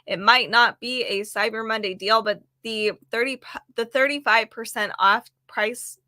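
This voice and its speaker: Woman rambling thru deals in her home office, brightish tone, kinda losing her voice, dry close mic. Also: on the high side, steady tone, moderate pace, no room sound. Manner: chatty, rambling, self-deprecating. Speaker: booktuber showing sale items. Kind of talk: casual product vlog. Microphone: desk microphone on camera.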